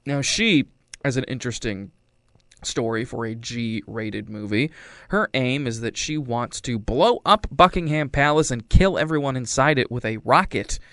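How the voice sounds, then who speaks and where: Give me a man chatting loosely about a family film, wry and rambling, popping into silly voices for the characters. His voice is smooth and clear, recorded dry and close with no room sound. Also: medium pitch, expressive, normal speed, a bit bright, dry recording. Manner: rambling, wry, acts out quotes. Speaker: movie reviewer. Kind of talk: casual chat.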